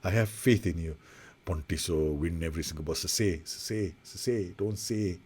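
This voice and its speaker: A man's voice: sits low, a little slow, darkish tone, slightly rough. A man giving casual, rambling, self-mocking play-by-play commentary over a football management game he is playing. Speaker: gaming video host.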